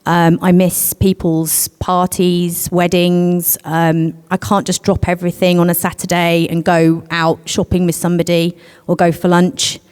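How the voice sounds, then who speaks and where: A woman panellist candidly telling a personal story at a conference, hesitant, with many pauses. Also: fairly low pitch, completely flat delivery, darkish tone, clear, resonant tone. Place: conference hall. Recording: long hall reverb.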